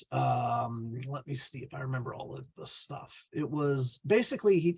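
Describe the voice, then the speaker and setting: Guy running the game, husky voice, rambly and hesitant recap, lots of ums. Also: medium pitch. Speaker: game master. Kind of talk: casual recap of a tabletop game.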